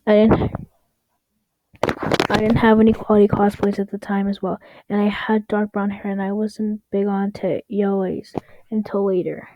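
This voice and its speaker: A woman's voice: medium pitch, flat delivery, normal speed, no echo, lo-fi sound. A young woman reading online stories aloud in a casual way, stumbling over words and adding wry asides. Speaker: story reader.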